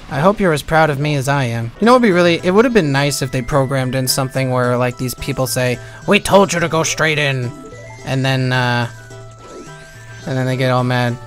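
A man giving rambling, sarcastic gameplay commentary, swearing freely at his viewers. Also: medium pitch. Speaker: let's play commentator.

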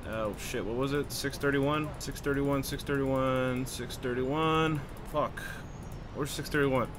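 A man's voice: medium pitch, steady tone, unhurried, background noise. A man commentating a video game, cursing and muttering to himself. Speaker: gamer. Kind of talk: let's play commentary.

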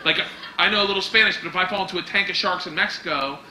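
A man performing a stand-up comedy set, telling a story in an animated way and often shouting. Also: high-pitched, rapid-fire, some chatter behind. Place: comedy club stage with audience. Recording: echoey club clip, loud noise.

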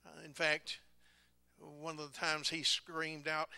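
A man's voice: a little high, completely flat delivery, slow pace, bright, forceful tone, clear, resonant tone, no echo. A man preaching a testimony, telling folksy stories and laughing at himself. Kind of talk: testimony sermon. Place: church sanctuary.

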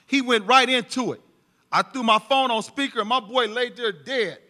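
A man's voice: very high-pitched, normal speed, bright, forceful tone. A man giving an emotional church testimony, earnest and preaching to the congregation.

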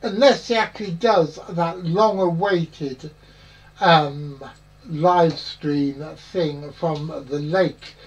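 A man's voice: on the high side, slow, low-quality recording. A man hosting a podcast in a rambling, jokey chat full of puns. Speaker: podcast host. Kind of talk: casual chat.

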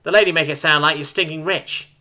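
A man's voice: fairly high pitch, steady tone, fairly quick, bright, forceful tone, pitched above the performer's own voice. A man voicing a cheeky young female alien thief who talks in brash, slangy sass. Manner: slangy and sassy.

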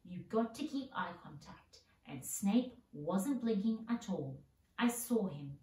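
Woman voicing insistent bookish young witch; mellow read, room echo. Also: medium pitch, expressive, takes it slowly. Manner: insistent, emphatic. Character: bookish, know-it-all schoolgirl witch. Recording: roomy sound, mic at a distance.

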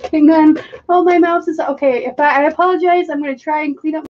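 A woman's voice: high voice, steady tone, normal speed, a little hiss or hum. A woman hosting a live painting stream, chatting casually to viewers, laughing often and poking fun at herself, recorded at home. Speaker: live-stream art host. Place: home art room with carpet. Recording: dull lo-fi stream audio.

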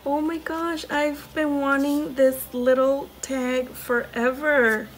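A woman hosting a crafting video, unboxing mail from a friend and gushing over each handmade piece with excited exclamations. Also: high voice, slow pace, a little hiss or hum. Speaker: crafting channel host.

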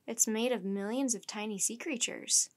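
A woman's voice: fairly high pitch, normal speed, natural voice. Woman voicing a polite young scientist. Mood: friendly. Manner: polite, explaining.

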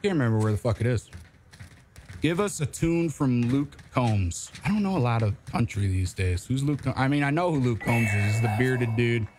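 A man's voice: mid-range voice, expressive, moderate pace. A man live-streaming a shooter game, joking and swearing with his co-player and chat. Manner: joking, swearing, breaks into singing. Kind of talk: casual live-stream banter. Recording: game music behind voice.

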